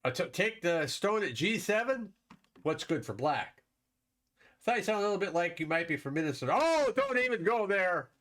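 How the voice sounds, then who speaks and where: A man's voice: fairly high pitch, expressive, moderate pace, a bit bright. A man from Wisconsin hosting a live stream, chatting casually with viewers while commenting on a board game and laughing often.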